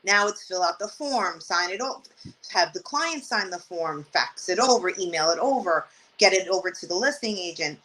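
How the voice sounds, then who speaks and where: A woman's voice: on the low side, moderate pace, slight background noise, rough recording. A woman, a real estate agent and guest, telling work stories in casual interview talk with exasperated asides. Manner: animated storytelling, exasperated asides.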